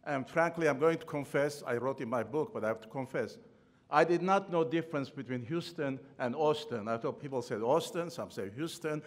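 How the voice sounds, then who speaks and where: A man's voice: medium pitch, brisk. An older man with a non-native English accent gives a eulogy at a memorial. He tells humorous personal anecdotes and chuckles, with slightly non-native grammar, speaking at a podium microphone. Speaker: memorial speaker, former professor and trustee. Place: large ballroom at a podium.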